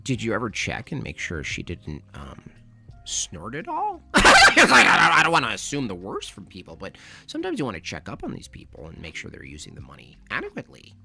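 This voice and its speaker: A man hosting a casual livestream, reading out donations and making animated, teasing, mock-scolding asides. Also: on the low side, a little fast, gravelly, soft background music.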